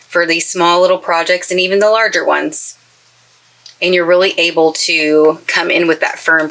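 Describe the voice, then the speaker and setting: A woman's voice: fairly low pitch, pushed and bright, rough recording. A woman from East Texas with a light East Texas accent, chatting through a crafting tutorial in the craft space of her travel trailer. She gushes happily as she works with her hands. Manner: chatty and gushing, talks while working with her hands. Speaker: craft YouTuber. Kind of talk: casual crafting tutorial chat. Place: craft space inside a toy hauler trailer.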